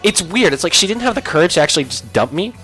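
Young man, fairly high voice, casual comic storytelling, profane, faint music underneath. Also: fast talker. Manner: animated, profane, acts out quotes with sudden yelps. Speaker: podcast co-host telling a story.

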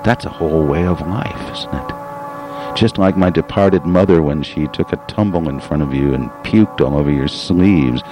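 A man narrating a literary audiobook in a somber, measured, brooding manner. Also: rumbling low, low-quality recording. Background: music.

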